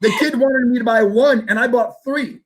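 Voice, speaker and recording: His voice is very high and his speed normal as he, a guest sales trainer, recounts a story in an easygoing interview. He performs the dialogue with animation and drops casual swear words along the way.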